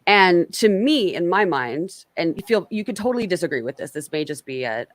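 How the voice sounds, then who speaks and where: A woman's voice: lowish voice, very animated, a little fast, dry recording. A woman hosting a casual political panel on a stream, chatty and self-qualifying, often restarting her sentences. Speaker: stream host.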